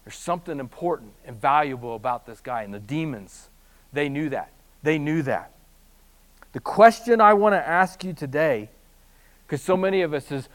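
A man preaching a sermon, swinging between hushed, slow passages and loud, fast bursts, with humorous asides. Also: mid-range voice. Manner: animated storytelling with humorous asides. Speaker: pastor.

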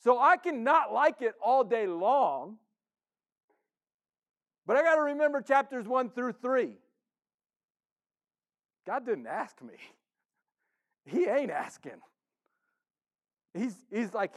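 Male pastor, high voice, chatty and playful sermon delivery, jumps from loud punches to hushed low asides. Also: sing-song, slow, pauses often. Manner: conversational, playful, acts out the congregation's inner voice; wide swings from loud emphasis to soft low asides.

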